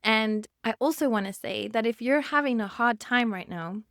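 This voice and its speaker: Tearful woman, smooth voice. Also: on the high side, normal speed, few pauses, dry recording, studio quality. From South Africa. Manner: candid, emotional, laughs softly. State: choked up, near tears. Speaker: podcast host and therapist. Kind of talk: personal monologue podcast.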